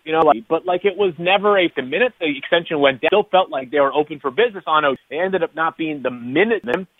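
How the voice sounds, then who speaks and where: A man's voice: fairly high pitch, animated, quick pace, dry recording. A man calling in as a guest analyst on a sports radio show, rambling with many restarts and fillers. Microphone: phone. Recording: tinny phone line.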